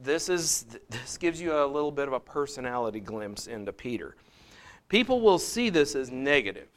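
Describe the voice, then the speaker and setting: A man's voice: mid-range voice, normal speed. Middle-aged male Bible teacher, casual and conversational, with emphatic scripture readings. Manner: relaxed and conversational, with frequent restarts and asides; reads scripture aloud in a rising, emphatic voice.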